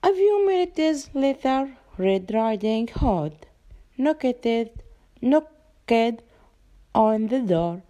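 A young woman reads a children's story aloud, very slowly and with many restarts on words. Her voice is fairly high yet mellow and soft in tone. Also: big pitch swings, dull audio. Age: young adult. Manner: halting reading with frequent restarts. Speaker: student reading a story.

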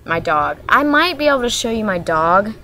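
A woman's voice: medium pitch, big pitch swings, normal speed, sharp tone, slight background noise. A woman from Maryland chatting casually in a vlog, talking in a hyper, rambling way that jumps from topic to topic. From Maryland, USA. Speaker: vlogger.

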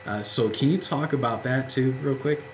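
A man's voice: mid-range voice, normal speed, slight background noise, rough recording. Easygoing male interviewer. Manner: relaxed, with many fillers and restarts. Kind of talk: casual interview questions.

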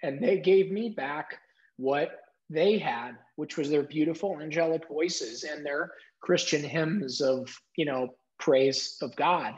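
A middle-aged man telling an emotional story as an interview guest, animated, acting out quotes and using many "like" fillers. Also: a little high, slow pace. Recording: dull lo-fi sound.

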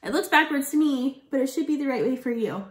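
A woman teacher leading a phonics lesson for children, sounding out words slowly and encouraging her viewers. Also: sits high, lively intonation. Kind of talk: early reading lesson for children. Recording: echoey room.

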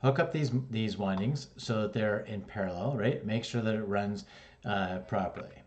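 A middle-aged Canadian man with a somewhat low voice is teaching a casual, hands-on electrical class. Relaxed with his students, he explains things step by step in a conversational way, dropping in quick "right?" and "okay?" checks.

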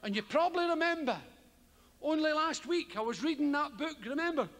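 A Scottish man performing stand-up comedy in a boisterous manner, swearing, shouting his punchlines and acting out voices. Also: very high voice, lively intonation, brisk, big-room sound. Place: live comedy stage.

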